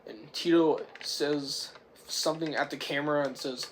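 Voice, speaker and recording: A young man casually recapping a movie's plot, rambling and excitable, swearing now and then and often clearing his throat. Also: fairly high pitch, moderate pace, slight background noise. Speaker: movie reviewer.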